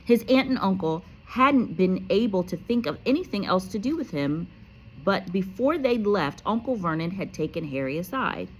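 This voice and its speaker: A woman teacher reading a children's book aloud with lively expression and casual, chatty asides. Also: medium pitch, moderate pace, slight background noise. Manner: animated, casual, self-correcting.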